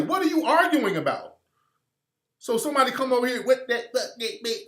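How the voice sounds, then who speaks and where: Deliver this as a man on a livestream, speaking high, bright and forceful, firing off rhetorical questions with blunt profanity. The voice sits in a roomy space with a clear echo. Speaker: livestream host. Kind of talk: livestream monologue.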